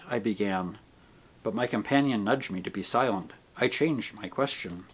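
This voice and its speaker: A man narrating an audiobook in an expressive, animated way. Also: lowish voice, normal speed, breathy edge.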